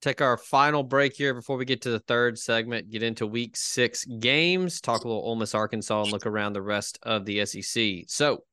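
A man's voice: medium pitch, fairly even intonation, fairly quick, hardly any pauses, sharp tone, smooth, no echo, studio quality. A man hosting a casual chat podcast, upbeat and steering the talk with questions. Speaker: podcast host.

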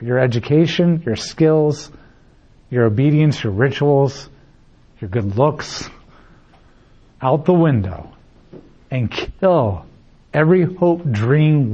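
A man's voice: mid-range voice, lively intonation, unhurried, warm tone, highs cut off. A male pastor preaching a sermon emphatically, repeating key phrases and acting out short dialogues.

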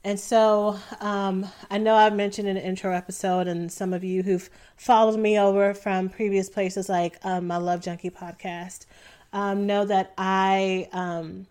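A young adult woman hosting a solo podcast, talking casually and relaxed, with frequent ums. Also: medium pitch, a little slow, clear, resonant tone. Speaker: podcast host.

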